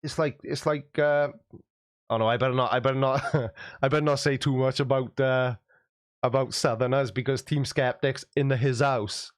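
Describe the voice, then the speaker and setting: Male livestream host, chatty and self-mocking, mid pitch, dry close sound. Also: fairly even intonation, moderate pace, no echo. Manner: chatty, jokey, self-deprecating. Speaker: YouTube host. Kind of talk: livestream chat reading viewer comments.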